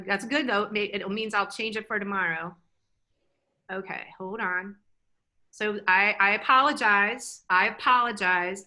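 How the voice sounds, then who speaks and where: A woman presenting a live online workshop, energetic and chatty, often cutting herself off mid-sentence. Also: mid-range voice, poor audio. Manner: energetic, chatty, self-interrupting.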